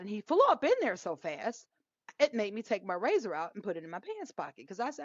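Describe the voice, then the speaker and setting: Animated woman telling a story. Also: mid-range voice, quick pace, slightly rough, no room sound. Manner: animated storyteller, laughs often, acts out quoted lines. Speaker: podcast co-host. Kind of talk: casual storytelling chat. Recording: dull lo-fi dry sound.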